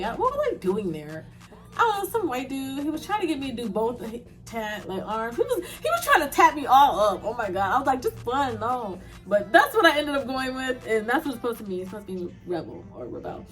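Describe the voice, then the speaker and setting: A young woman vlogger answering viewer questions in a candid, casual chat, laughing often and dropping in quick asides. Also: fairly high pitch, sing-song, fairly bright tone, faint music behind.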